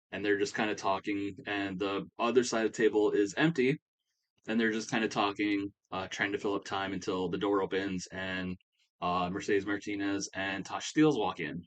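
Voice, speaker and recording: A man casually recapping a wrestling management game, rambling with plenty of fillers. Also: fairly low pitch. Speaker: game commentator. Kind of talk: comedic play-by-play of a wrestling sim game.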